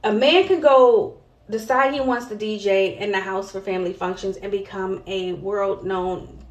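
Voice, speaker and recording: A woman's voice: mid-range voice, steady tone, normal speed. A woman hosting her own vlog, talking straight to camera in a blunt, heavily profane monologue with emphatic asides to viewers. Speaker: vlog host. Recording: roomy echo.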